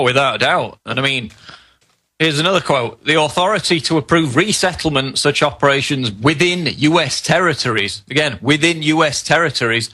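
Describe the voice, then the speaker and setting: A man's voice: mid-range voice, bright, forceful tone. Indignant male radio reporter. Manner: indignant, reading quotes from a document. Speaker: show reporter. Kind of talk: talk radio discussion.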